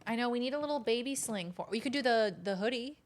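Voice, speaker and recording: A woman's voice: fairly high pitch, expressive, fast. A woman streaming a game in casual, chatty commentary, now and then cooing baby talk at her kitten.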